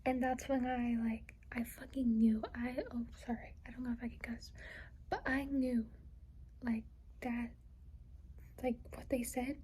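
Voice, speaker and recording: On a low-quality recording, a young adult woman speaks unhurriedly with long pauses, her voice a little high, mellow, and husky, with little pitch movement. The vlogger rambles through a casual personal vlog, leaning on "like" and "you know," fighting back tears.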